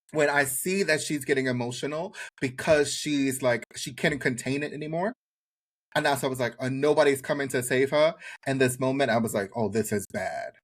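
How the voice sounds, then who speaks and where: Animated American man recapping a show. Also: mid-range voice. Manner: animated storyteller acting out quotes. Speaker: podcast co-host. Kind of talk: casual recap chat.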